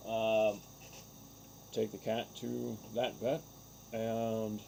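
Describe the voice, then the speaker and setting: A farmer talks on and on in a low, gravelly voice, aggrieved and full of filler words. His tone is dark and mellow, and the faint chirp of insects sits behind him outdoors. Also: steady tone, drawn-out words, long pauses, a little hiss or hum. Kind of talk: casual storytelling monologue. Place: outdoors on a farm.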